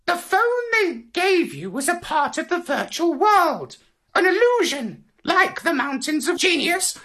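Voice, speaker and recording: A man voicing a squawking, bossy know-it-all parrot in a storybook tale, lecturing in a shrill tone. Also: very animated, measured pace, sharp tone, full character voice. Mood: bossy, explaining.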